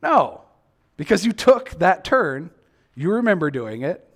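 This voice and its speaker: A man's voice: sits high, sing-song, normal speed. A male preacher giving a sermon, acting out quoted reactions and asking the listeners many questions.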